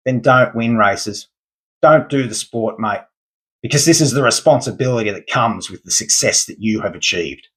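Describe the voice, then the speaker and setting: A man's voice: mid-range voice, lively intonation, moderate pace, a bit bright. A man delivering an angry, lecturing monologue rant as a podcast host. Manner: indignant, lecturing, formal words.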